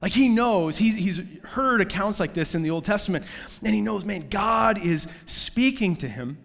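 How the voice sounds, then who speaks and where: A man preaching in a relaxed, chatty style, his voice sitting a little higher than most men's. He keeps throwing in asides and fillers. His words ring with a long reverb, as if he is standing in a large hall. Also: normal speed, vocal fry. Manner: casual, conversational preaching with many fillers and asides. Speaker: pastor. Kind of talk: sermon.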